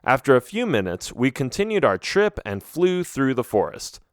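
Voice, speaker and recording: Lively, expressive male storyteller. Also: medium pitch, moderate pace, no room sound, studio quality. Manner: lively, expressive, first-person. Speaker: audiobook narrator. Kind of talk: storytelling for children.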